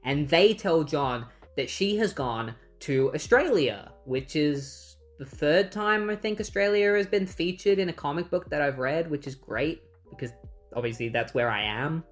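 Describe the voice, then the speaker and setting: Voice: mid-range voice, animated, measured pace, faint music behind. A comic book reviewer casually recapping issues, mixing plot summary with chatty personal asides. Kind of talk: casual retrospective narration.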